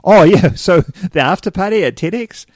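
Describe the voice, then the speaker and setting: A man co-hosting a podcast in casual chat, telling stories with animated quoted voices and frequent laughter. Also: high voice, normal speed, slightly rough, no echo. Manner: animated storyteller, acts out quotes, laughs often. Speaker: podcast co-host.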